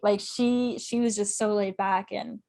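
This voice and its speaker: A young woman from Canada, a podcast guest chatting casually in an interview, quick and talkative, laughing often and saying "like" constantly. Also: medium pitch, fairly even intonation, mellow. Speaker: podcast guest, club correspondent.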